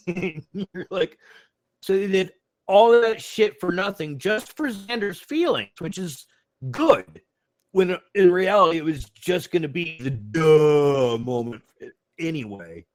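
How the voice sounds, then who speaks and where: A man co-hosting a podcast, chatting in an animated way, often laughing and swearing casually while recapping episodes. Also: high voice, takes it slowly. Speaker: podcast co-host. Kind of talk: casual chat.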